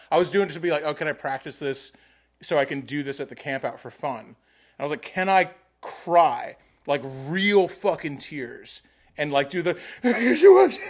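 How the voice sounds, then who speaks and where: A man's voice: fairly high pitch, fairly bright tone. A man hosting a casual podcast chat, telling rambling stories with plenty of swearing. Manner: rambling, profane storytelling. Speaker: podcast host.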